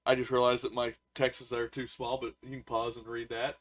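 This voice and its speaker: A man's voice: medium pitch, completely flat delivery, brisk, a bit bright. A man co-hosting a podcast, goofy and casual, stumbling as he reads joke news. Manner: goofy, stumbles over reading. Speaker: podcast co-host. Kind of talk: casual banter, reading news jokes.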